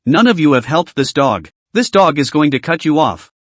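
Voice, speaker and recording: A man's voice: on the high side, sing-song, normal speed, no echo. A man reading a whiny greedy dog spirit. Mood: indignant. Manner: whiny, referring to himself as this dog. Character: greedy bratty talking male dog spirit. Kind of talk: manhua recap narration.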